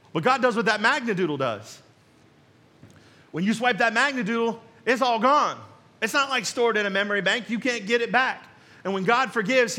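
Bright-voiced, playful man preaching. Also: high-pitched. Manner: conversational, storytelling, playful. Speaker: pastor. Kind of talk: sermon.

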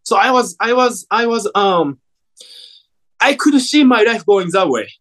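Japanese-accented male guest, forties, expressive storyteller with a wide pitch swing. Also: measured pace. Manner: animated storyteller, acts out quoted voices, many fillers. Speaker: actor guest. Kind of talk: casual interview chat.

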